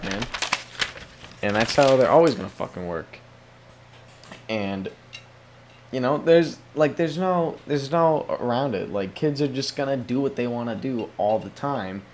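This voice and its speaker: A young man hosting a solo podcast, rambling casually with lots of swearing and restarts. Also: fairly high pitch. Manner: profane, rambling, many restarts. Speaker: podcast host.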